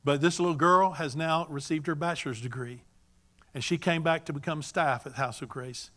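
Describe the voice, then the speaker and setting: An older man speaking to a church congregation in a bright, forward voice that sits a little high for a man. He tells his stories in a folksy, animated way and now and then calls out a greeting with gusto. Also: normal speed. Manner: animated, folksy storytelling with bursts of loud greetings. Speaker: church speaker for a mission ministry. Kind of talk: sermon-style storytelling to a congregation.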